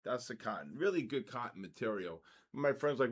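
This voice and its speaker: An older man with a husky, mid-range voice, speaking a little fast, hosts a casual trading livestream. He chats loosely and erupts into excited shouts whenever the markets move.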